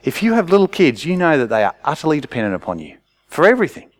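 A man's voice: fairly high pitch, huge pitch swings, quick pace. A man preaching a sermon, telling stories in a conversational way and rising to urgent cries.

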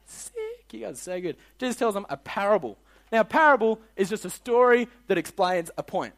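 A young man with an Australian accent teaching a youth Bible lesson, energetic and full of slang, often quizzing his listeners. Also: high-pitched, a little fast. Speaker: youth leader.

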